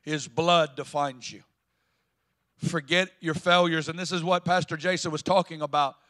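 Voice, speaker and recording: High, bright-voiced Southern preacher man. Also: fairly even intonation, normal speed. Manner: emphatic preaching, building to loud declarations. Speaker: pastor. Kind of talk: sermon. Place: church sanctuary.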